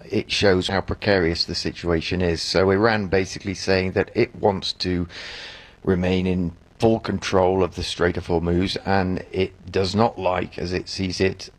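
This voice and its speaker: Man reporting for the news, explanatory, very low voice. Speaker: correspondent.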